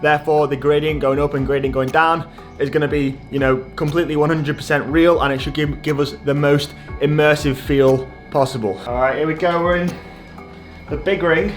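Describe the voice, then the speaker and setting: A young man talks through his vlog in a chatty, self-deprecating way, drifting into rambling asides. His voice sits a little high for a man. Faint music runs underneath. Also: fairly even intonation, a little fast. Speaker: cycling YouTuber. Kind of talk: casual vlog narration and race commentary.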